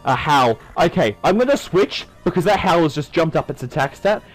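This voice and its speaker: A man talks his way through a video game playthrough in a chatty, self-mocking manner. His voice sits a little high and bounces around a lot, with faint music underneath. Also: lively intonation, a little fast, rough recording. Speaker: gaming YouTuber. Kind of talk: let's-play commentary.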